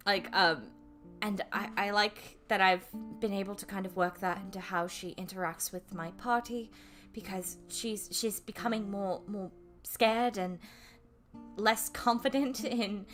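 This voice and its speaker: Bright-voiced woman, rambling stream chat. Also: mid-range voice. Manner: rambling, self-deprecating, casual swearing, laughs often. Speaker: streamer and voice actor. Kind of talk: casual livestream chat.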